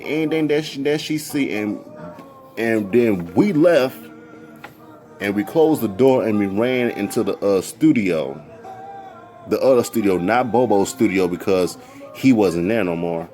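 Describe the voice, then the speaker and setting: Animated man telling a story. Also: medium pitch, unhurried, faint music behind. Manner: animated, repeats "I'm like". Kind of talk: casual storytelling.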